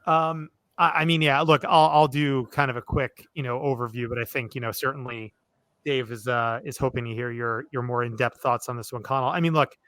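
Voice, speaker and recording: Bright-voiced male podcast host. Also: mid-range voice, steady tone, brisk. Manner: loose and conversational, leaning on fillers like "look" and "you know". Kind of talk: casual sports podcast chat.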